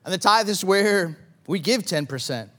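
A man's voice: high voice, lively intonation, normal speed, fairly bright tone. A man preaching a sermon in a conversational way, repeating phrases and acting out quoted inner thoughts. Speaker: pastor.

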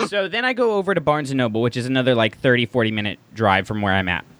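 A man co-hosting a podcast, chatting casually and telling stories in a playful, animated way. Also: mid-range voice, fast talker, no echo. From Texas, USA. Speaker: podcast co-host. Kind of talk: casual chat.

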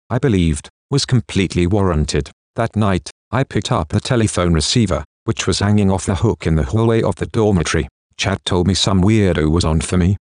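A man narrating a first-person novel in a steady, even storytelling manner. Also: low-pitched, no echo, clean studio sound. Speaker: audiobook narrator.

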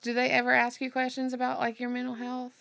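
A woman in her thirties, a podcast guest telling a personal story candidly, with halting restarts and fillers. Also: sits high, completely flat delivery, creaky, fairly bright tone.

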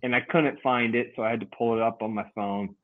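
A man's voice: medium pitch, steady tone, brisk. Lo-fi swearing man telling a story. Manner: rambling, swears, laughs often. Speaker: podcast co-host. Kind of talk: casual storytelling chat. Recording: phone-like lo-fi radio sound.

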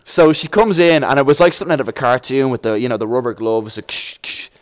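This is a man's voice at medium pitch, delivered quickly. He's a young Irishman from Dublin appearing as a podcast guest, animatedly spinning a lengthy story and performing its characters' voices.

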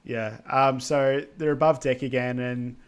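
Male podcast co-host, mid-pitched, rambling casual recap full of fillers. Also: fairly even intonation, a crowd in the background. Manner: rambling with many fillers and quick asides. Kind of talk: casual film recap chat.

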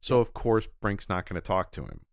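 A man co-hosting a podcast, chatting about a movie, expressive and reflective, swearing freely. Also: on the low side, fairly quick, vocal fry, dry recording, studio quality. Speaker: podcast co-host. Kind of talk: casual movie recap chat.

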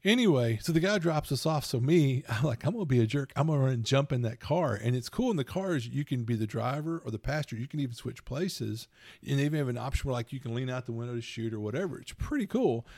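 Middle-aged male podcast host, gravelly, animated and rambling, dry booth sound. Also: medium pitch, fast talker, no room sound. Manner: rambling, animated storytelling with laughs. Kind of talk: casual chat.

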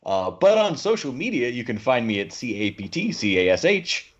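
A man's voice: mid-range voice, very animated, moderate pace. A man co-hosting a movie podcast, teasing and exasperated in casual chat. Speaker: podcast co-host. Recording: dull lo-fi sound.

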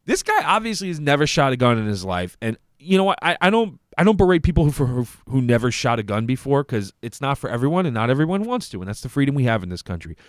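A man's voice: medium pitch, sing-song, fast, hardly any pauses, no room sound, clean studio sound. A man, hosting a podcast and giving heated, profane, sarcastic commentary on clips. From New York. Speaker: podcast host.

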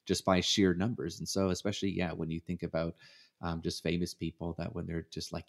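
Male podcast co-host from Canada, low deep voice, dry joking banter. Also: little pitch movement, brisk, vocal fry. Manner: joking and teasing. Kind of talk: casual chat.

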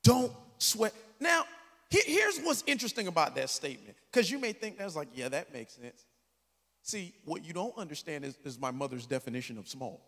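A man preaching a sermon as a story, swinging from quiet talk to shouted peaks. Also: fairly high pitch, sing-song, a little fast. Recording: long hall reverb.

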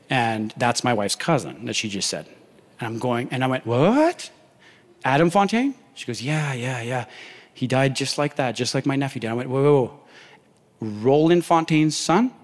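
A man's voice: mid-range voice, fairly quick. A young man preaching a sermon, animatedly acting out the voices in his story. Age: young adult. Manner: animated, acts out dialogue in story. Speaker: pastor. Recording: long hall reverb.

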